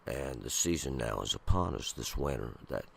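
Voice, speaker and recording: A man reading scripture verse by verse and commenting on it in a slow, halting way, often pausing and restarting. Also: extremely low pitch, expressive, gravelly, slight background noise. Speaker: Bible commentator.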